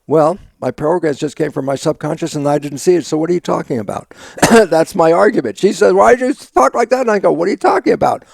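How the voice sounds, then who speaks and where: Older male interview guest, gravelly tone, dry close sound, animated storyteller who voices his own quotes. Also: a little high, fast talker, hardly any pauses, no echo. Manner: acts out his own inner dialogue in quoted exchanges, laughing often. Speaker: guest, stem cell biologist.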